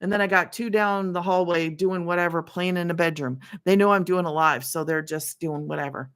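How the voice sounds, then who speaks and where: A woman's voice: fairly low pitch, fairly even intonation, brisk, clear, resonant tone. A middle-aged woman hosting a casual livestream from her home, talking in a chatty, emphatic way and often repeating herself for emphasis. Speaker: livestream host. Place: home, children in nearby room.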